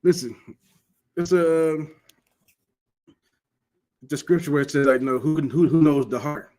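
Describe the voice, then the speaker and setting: A man's voice: a little high, measured pace, a little mellow. A man from Michigan giving an informal, earnest class on religious law, urging listeners directly and often restarting his phrases. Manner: earnest, exhortative, frequent restarts. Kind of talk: informal scripture teaching.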